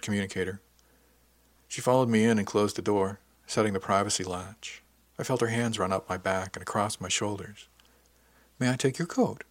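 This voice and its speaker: A man reading a first-person story aloud in a soft, intimate, unhurried way, often dropping to a half-whisper. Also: fairly low pitch. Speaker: narrator. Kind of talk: first-person audiobook narration.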